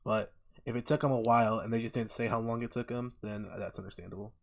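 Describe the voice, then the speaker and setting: A man's voice: medium pitch, fairly even intonation, quick pace, gravelly, dry recording, clean studio sound. Podcast co-host, mid-range male voice, brash, crude, joking. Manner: brash and joking, swears often. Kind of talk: casual podcast chat.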